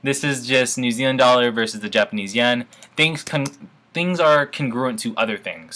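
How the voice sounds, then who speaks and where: Bright-voiced man giving a casual tutorial. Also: medium pitch. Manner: offhand and informal, keeps calling viewers "guys", shrugs things off. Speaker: forex trading instructor. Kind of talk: casual screen-share tutorial.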